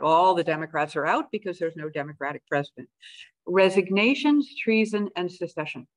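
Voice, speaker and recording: A woman's voice: fairly low pitch, dry recording. A woman historian giving a conversational public lecture about old newspapers and documents, with fillers and asides. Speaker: guest speaker, historian. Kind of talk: public history talk with slides. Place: lecture room of a historical society.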